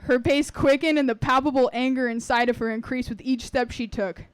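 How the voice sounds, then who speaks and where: A woman's voice: high voice, fairly even intonation, brisk, clear, resonant tone, no room sound. Woman reading her own story aloud.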